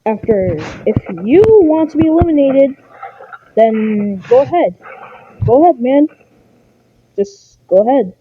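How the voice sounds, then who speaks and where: A woman's voice: high-pitched, lively intonation, a little slow, pauses often. A woman hosting and narrating a homemade cartoon show, rambling with many fillers and restarts. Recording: muffled lo-fi recording, clear hiss.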